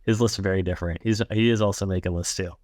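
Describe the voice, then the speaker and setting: Lively low-voiced male guest. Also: rapid-fire, no echo, studio quality. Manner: animated, sarcastic, jumps up in pitch. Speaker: podcast guest. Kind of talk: casual chat.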